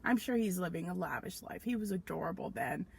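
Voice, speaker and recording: A woman of about thirty from Nigeria, speaking with an American accent, co-hosting a comedy podcast and telling a story with animated, self-mocking energy. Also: fairly low pitch, brisk, gravelly, a little hiss or hum. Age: around 30. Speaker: podcast co-host. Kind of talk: comedic casual chat.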